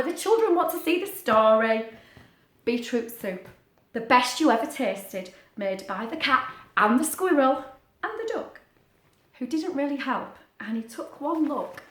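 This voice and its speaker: A woman's voice: on the high side, lively intonation, a little slow, fairly bright tone. A woman reading a picture book aloud to children, chatting playfully with a puppet between pages. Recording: roomy echo.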